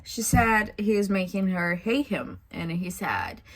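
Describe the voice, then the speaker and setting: A woman's voice: medium pitch, lively intonation, unhurried, few pauses. A young woman reviewing a book in a casual vlog, ranting in exasperation with sighs and swearing.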